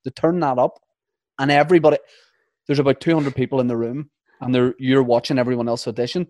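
A young Northern Irish actor in casual chat, self-deprecating and often laughing. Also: male voice, mid-range voice, fairly even intonation, fast talker, a little mellow, dry recording, studio quality. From Northern Ireland.

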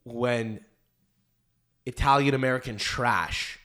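A man's voice: mid-range voice, takes it slowly, fairly bright tone. A young man hosting a podcast in casual chat, rambling through stories and swearing often. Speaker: podcast host.

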